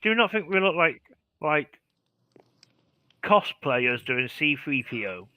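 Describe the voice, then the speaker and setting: A man's voice: a little high, sing-song, measured pace, pushed and bright, no echo. A man co-hosting a gaming stream, making brief, teasing remarks in casual chat. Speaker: co-host of a gaming live stream.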